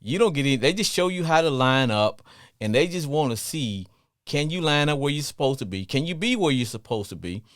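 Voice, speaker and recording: Animated Southern man hosting sports radio. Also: medium pitch, brisk, no room sound, clean studio sound. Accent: Southern US, Louisiana. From Louisiana. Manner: animated, sing-song, laughs often. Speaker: radio talk show host. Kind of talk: call-in sports talk.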